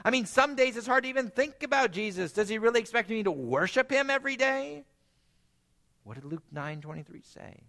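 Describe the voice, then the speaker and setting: A man preaching a sermon, earnest, climbing to emphatic peaks and then dropping low and quiet. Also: lively intonation, brisk.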